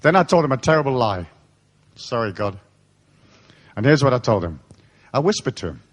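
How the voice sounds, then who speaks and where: A man giving a live seminar, telling blunt, profane stories in a lively way. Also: medium pitch, moderate pace. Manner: animated storytelling, blunt and profane. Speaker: seminar speaker. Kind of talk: live seminar talk with anecdotes.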